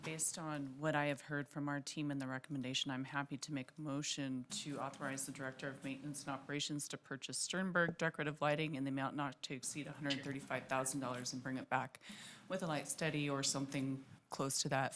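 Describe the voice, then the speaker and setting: A woman making a formal motion as a city councilwoman, brisk and formal. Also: rumbling low, steady tone, a bit bright, slight background noise.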